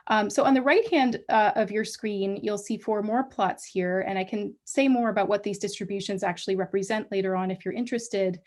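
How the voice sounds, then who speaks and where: A woman's voice: medium pitch, a little fast, hardly any pauses, a little mellow. Woman, guest lecturer at an academic colloquium, explanatory delivery with filler ums and self-corrections. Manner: explanatory, frequent ums and restarts. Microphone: livestream talk mic.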